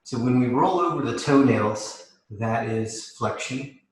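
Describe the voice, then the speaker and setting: A man leading a live mobility class as yoga instructor, calmly cueing each step while demonstrating. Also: medium pitch, measured pace. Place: yoga studio. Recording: echoey room.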